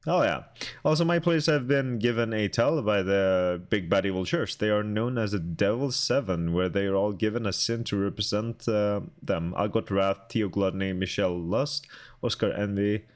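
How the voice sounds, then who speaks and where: A young man streaming and chatting casually with his viewers, halting and talkative as he answers chat aloud. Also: fairly low pitch.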